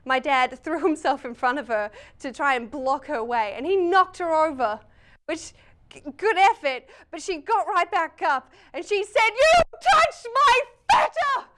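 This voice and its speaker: An Australian woman in her late twenties works as a stand-up comedian and tells things in a dry, quick, wry way. Her voice sits high for a woman. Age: late 20s. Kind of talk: stand-up comedy and interview chat.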